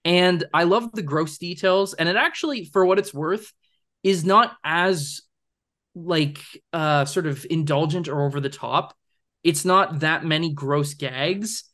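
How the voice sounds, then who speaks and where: Podcast co-host, young man, fairly high voice, eager and rambling. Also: unhurried, bright, forceful tone. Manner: enthusiastic, rambling with fillers and laughs. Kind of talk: casual film discussion.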